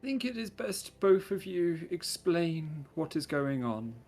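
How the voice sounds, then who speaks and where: A man voicing a calm old turtle-folk character who speaks in a slow, measured, mediating way, with a gravelly voice. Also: a little high, faint music behind, pitched above the performer's own voice, exaggerated voice.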